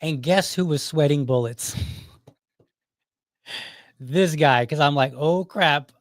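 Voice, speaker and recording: Slow-paced and on the high side, a middle-aged man tells a casual story on the podcast he hosts, in a dry recording. He keeps it loose and chatty, chuckling frequently along the way.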